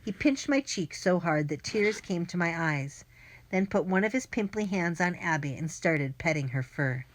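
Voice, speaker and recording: Low-voiced woman narrating a children's audiobook. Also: expressive, normal speed, a little hiss or hum. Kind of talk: first-person audiobook narration.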